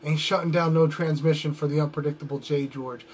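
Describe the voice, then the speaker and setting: A man's voice: on the high side, fairly even intonation, fairly quick, a little hiss or hum. A young adult man cutting a wrestling promo with boastful, trash-talking swagger.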